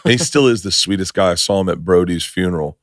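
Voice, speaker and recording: A man's voice: low voice, lively intonation, a little fast, no echo, studio quality. A man from Florida bantering on a podcast, pushy and insistent. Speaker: podcast host.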